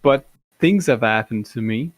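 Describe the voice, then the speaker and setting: A man calling in over a voice call, telling a personal story in a calm, matter-of-fact, rational way. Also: medium pitch, measured pace, no room sound. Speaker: caller.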